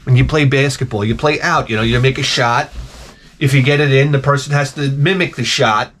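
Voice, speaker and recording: A man's voice: medium pitch, fairly even intonation, a little fast, fairly bright tone. A man telling comic stories to camera in a rambling, exasperated, profane rant full of restarts. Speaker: vlogger. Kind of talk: comedic storytelling rant.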